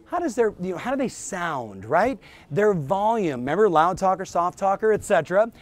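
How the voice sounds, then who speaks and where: A male business coach delivers a motivational talk straight to the viewer. His voice sits high for a man and swings widely in pitch. He punches key phrases with emphatic energy. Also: sing-song, normal speed. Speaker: real estate business coach and show host.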